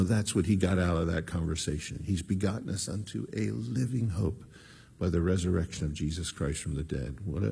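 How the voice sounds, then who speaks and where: Gravelly preacher in a reverberant hall. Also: male voice, sits low, darkish tone. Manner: conversational Bible teaching, acts out quoted voices. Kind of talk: sermon.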